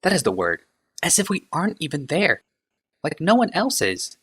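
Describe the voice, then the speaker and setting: A man reading a novel aloud, voicing a sharp-tongued, uneasy woman who is quick to snap. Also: on the high side, sing-song, husky, voice pushed up, exaggerated voice. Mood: worried.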